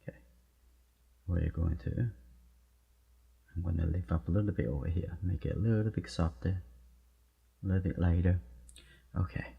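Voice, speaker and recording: Low gravelly man teaching watercolor. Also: moderate pace, pauses often. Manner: soft-spoken, encouraging, talks while painting in short phrases. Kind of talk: live painting demonstration. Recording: dull, muffled recording.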